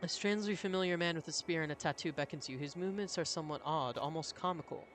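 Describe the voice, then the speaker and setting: A man's voice: a little high, fast, fairly bright tone, a little hiss or hum. A man reading a story game aloud as a streamer, with casual, self-mocking asides.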